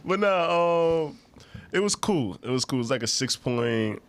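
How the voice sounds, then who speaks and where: A man's voice: mid-range voice, animated, a little slow, clean tone. A man with a New York accent co-hosting a podcast, talking in a laid-back, slangy way and laughing often. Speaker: podcast co-host. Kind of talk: casual podcast banter.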